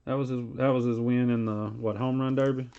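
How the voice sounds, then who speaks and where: A man's voice: mid-range voice, little pitch movement, fairly quick, mellow, slight background noise. Card break host: man, rambling stream chat over dull lo-fi audio. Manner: rambling, reads card names aloud between stories. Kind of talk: casual live-stream chat while opening card packs.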